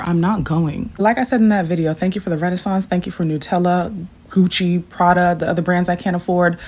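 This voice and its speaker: A woman's voice: fairly low pitch, darkish tone. A woman from the southern United States giving emphatic, sarcastic commentary to camera.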